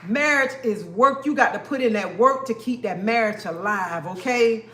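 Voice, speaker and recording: A woman's voice: fairly high pitch, moderate pace, a bit bright. A woman hosting a live stream, talking straight to her viewers in an emphatic, repetitive way and calling them honey and baby. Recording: echoey room.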